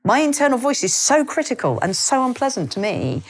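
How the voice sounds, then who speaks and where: A woman in her fifties, a guest author in a live podcast conversation, telling stories quickly and comically, with frequent laughs and self-deprecating asides. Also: high-pitched. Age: 50s. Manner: rapid, animated storytelling with frequent laughs.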